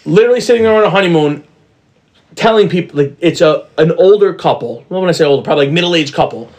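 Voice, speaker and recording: Fast-talking middle-aged man telling stories. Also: fairly high pitch, lively intonation, darkish tone. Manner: rapid storytelling, swearing, acting out voices. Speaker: podcast co-host. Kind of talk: casual banter.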